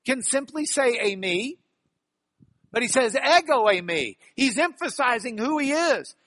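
A man teaching a class on biblical Greek grammar, animated and stressing key words by repeating them. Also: very high-pitched, measured pace, no echo. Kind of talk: classroom lecture.

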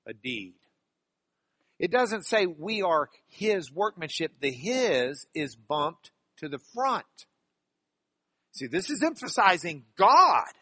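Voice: mid-range voice, very animated, slow, bright, forceful tone, breathy edge, no room sound, clean studio sound. A Bible study teacher giving a class lesson, talking with the class and pressing hard on key words, repeating phrases for emphasis. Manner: conversational with the class, checks they follow along. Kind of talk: Bible class lesson explaining Greek word order.

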